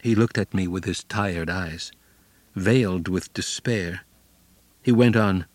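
Man reading an audiobook, serious and subdued, deep-ish voice, dry. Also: no room sound. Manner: grave, measured, subdued. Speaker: audiobook narrator. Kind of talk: scripted narration.

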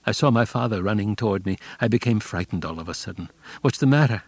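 A man narrating a memoir audiobook in a grave, measured, subdued way. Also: fairly low pitch, husky, no echo. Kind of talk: scripted narration.

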